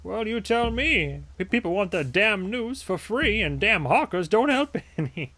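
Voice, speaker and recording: A man's voice: high-pitched, lively intonation, a little slow, sharp tone, pitched above the performer's own voice, exaggerated voice. A stingy, bitter newspaper vendor, as a man puts him on, forever griping about his lot. The voice is raised and whiny, with a complaining edge. He sounds like a small businessman who takes every lost sale personally. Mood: grumbling. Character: grumpy male newspaper vendor, penny-pinching and bitter.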